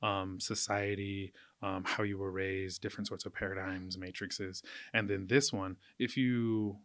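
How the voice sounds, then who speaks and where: A man's voice: sits low, level tone, unhurried, fairly bright tone, dry recording. A young man co-hosting a podcast, talking through ideas in a reflective way and often checking in with "right?". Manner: reflective, uses filler like "right?" and "um". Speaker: podcast co-host, coach. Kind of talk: casual podcast chat.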